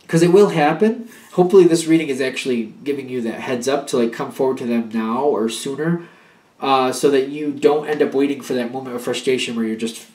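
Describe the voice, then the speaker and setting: A man's voice: mid-range voice, a little mellow, roomy sound. A man giving a casual spoken tarot reading. He rambles and restarts as he talks, and now and then acts out an imagined partner's pleas. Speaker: tarot reader.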